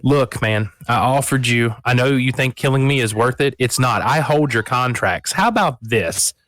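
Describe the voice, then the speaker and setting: A man's voice: mid-range voice, lively intonation, normal speed, fairly bright tone, dry recording, lightly acted. Cocky male adventurer, pushy haggler, a man doing it with dry, close sound.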